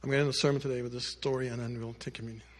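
Man, pastor, sermon storytelling, mid-pitched voice, loud then hushed, long hall reverb. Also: level tone, rapid-fire. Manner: swings between loud emphatic lines and quiet hushed ones; speaks directly to the congregation with asides.

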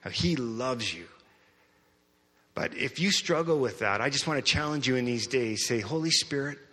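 A man preaching a sermon, telling a personal testimony in an animated storytelling way and acting out his own reactions. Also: mid-range voice, normal speed. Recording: long hall reverb.

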